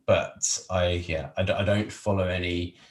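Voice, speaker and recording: A man's voice: low voice, fairly even intonation, moderate pace, reverberant. A man from England, a podcast guest, talking in a casual, rambling way with many fillers and restarts. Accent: English. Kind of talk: casual interview chat.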